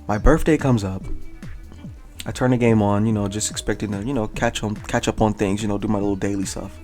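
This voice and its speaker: A young man hosting a gaming channel, telling a story in an excited, slangy way and repeating words for emphasis. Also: fairly low pitch, a little fast, faint music behind. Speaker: gaming YouTuber, host. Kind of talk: casual enthusiastic storytelling to camera.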